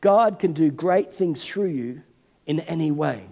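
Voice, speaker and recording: A man, senior pastor, preaching a sermon in an animated way and acting out the voices of figures from scripture. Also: fairly high pitch, measured pace, creaky. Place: church hall. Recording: long hall reverb.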